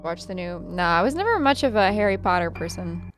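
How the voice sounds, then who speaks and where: A woman's voice: on the low side, animated, brisk, soft background music. A young adult woman chatting casually on a gaming livestream, playful and swearing freely as she riffs on accents. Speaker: gaming streamer. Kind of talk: casual livestream gameplay chat.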